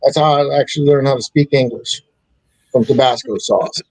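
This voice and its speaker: A man's voice: mid-range voice, fairly even intonation, normal speed, darkish tone, no echo, rough recording. A man from South Louisiana with a Cajun accent, co-hosting a casual podcast chat with crude jokes. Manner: crude, joking. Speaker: podcast co-host.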